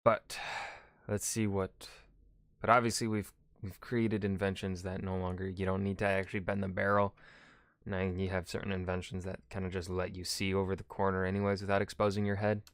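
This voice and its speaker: A man's voice: low voice, flat delivery, brisk, no echo. A man hosting a history reaction video, talking casually and rambling, swearing freely.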